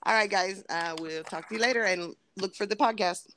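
Laughing, playful podcast host. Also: female voice, medium pitch, a little fast, a bit bright, a little hiss or hum. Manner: laughs often, playful teasing. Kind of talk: casual chat.

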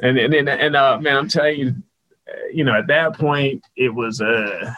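A man being interviewed as a guest, telling casual stories and acting out the people he quotes in a higher, louder voice. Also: normal speed, poor audio. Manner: animated storyteller, jumps higher and louder when quoting people. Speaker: guest, sports PR consultant.

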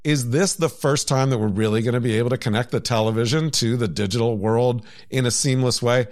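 A man's voice: medium pitch, a little fast, a little mellow. A man co-hosting a podcast, chatting casually and reading news items with upbeat, emphatic rises. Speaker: podcast co-host.

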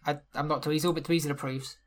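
A man's voice: on the high side, fairly even intonation, fast, heavy background noise. A man playing a tabletop game, joking casually with the group. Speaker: player.

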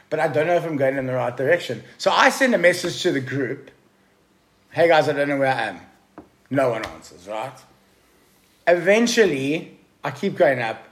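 A man telling a story casually to a podcast host, swearing freely and calling him bro. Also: on the high side. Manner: profane, excitable storyteller addressing the listener as bro. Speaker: podcast guest.

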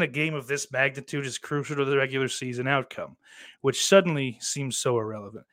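A young man hosting a live stream, talking loosely and profanely, swinging between loud ranting and quiet mumbling. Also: medium pitch, brisk. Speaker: streamer host. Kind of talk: casual live-stream commentary.

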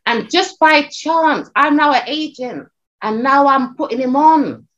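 A middle-aged woman, a talent agent and podcast guest, chatting casually in an animated storytelling way with many restarts and fillers. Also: high-pitched, measured pace, lo-fi sound.

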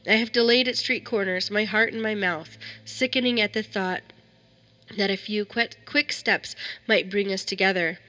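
Bright-voiced woman reading a tale. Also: mid-range voice, moderate pace. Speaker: story reader. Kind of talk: scripted narration of a horror story.

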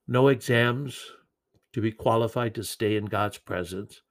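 Gravelly-voiced man preaching gently. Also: medium pitch, steady tone, takes it slowly. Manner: earnest, gentle delivery with occasional repetitions. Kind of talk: sermon.

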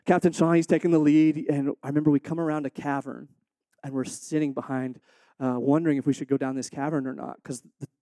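A man speaking as a missionary to a supporting church, preaching earnestly and then telling a personal story with animated, acted-out quotes. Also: on the high side, dry recording.

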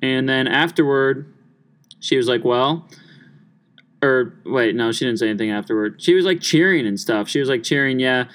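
A man's voice: medium pitch, brisk, fairly bright tone. A young man hosting his own podcast, chatting casually and rambling through a story with many restarts. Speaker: podcast host. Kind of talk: casual solo podcast chat.

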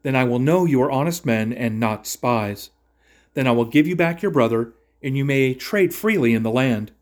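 A man's voice: mid-range voice, expressive, moderate pace, darkish tone, natural voice. Man reading anxious group of brothers, protesting their honesty. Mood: recounting. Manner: anxious, explaining.

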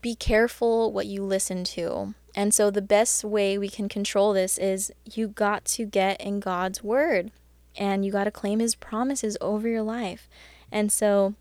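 A woman talks through a casual faith chat at a middling pitch, chatty and earnest, with lots of "like" and "you know". Her voice sits close and dry, with no room sound around it. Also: little pitch movement, unhurried, darkish tone, dry recording. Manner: earnest and encouraging. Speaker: Christian podcast host.

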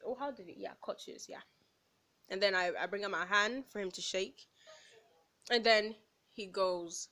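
A woman's voice: mid-range voice, a little slow, pauses often, a bit bright. A young woman with a Nigerian accent hosting a solo podcast, telling a story in a sassy, exasperated way with lots of fillers. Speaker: podcast host.

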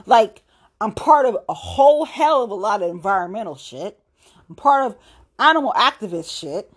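A woman's voice: medium pitch, lively intonation, moderate pace, breathy edge. A woman from Ohio, a local political activist, delivering a blunt, profane, confrontational rant to the camera. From Ohio, USA.

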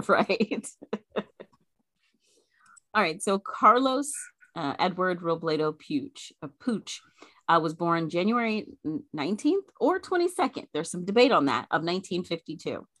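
A woman's voice: on the low side, big pitch swings, a little slow, fairly bright tone, dry recording. A woman co-hosting a podcast in casual chat, chatty with many fillers and frequent laughter. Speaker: podcast co-host.

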